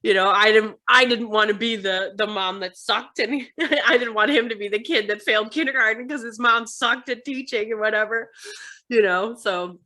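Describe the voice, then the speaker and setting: An American woman chatting as an interview guest, with a bright, forceful tone. She tells stories with animation, slipping into other people's voices as she goes. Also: on the high side, moderate pace. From United States. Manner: animated storytelling, acts out her sons' voices. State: tired. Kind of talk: casual interview chat.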